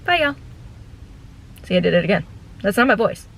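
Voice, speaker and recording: Woman in her 30s, deadpan storyteller, rambly car vlog chat, filler-heavy. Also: lowish voice, quick pace, creaky, rough recording. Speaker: vlogger and former theme park ride guide.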